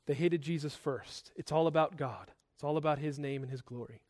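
A young man preaching a sermon, emphatic, moving between loud and soft passages and often repeating words as he starts a sentence. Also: on the high side, a little fast. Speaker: pastor.

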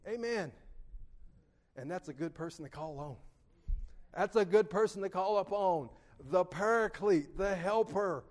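A man preaching a sermon into a microphone in church, calling on the congregation for amens and swinging between soft, low asides and loud emphatic peaks. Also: lively intonation, a little slow. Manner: call-and-response, asks the congregation for amens. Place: church sanctuary.

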